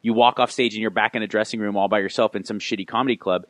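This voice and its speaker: A man's voice: on the low side, steady tone, racing, no echo. A man guesting on a podcast, talking in an earnest, reflective way and often stumbling and restarting mid-thought. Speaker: podcast guest, radio host. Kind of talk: casual reflective chat.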